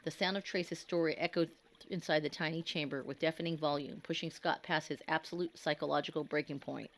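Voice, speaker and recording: A woman with a notably low voice narrates a scripted horror story. She reads in a grave, measured way and leans on the dramatic moments. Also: fairly even intonation.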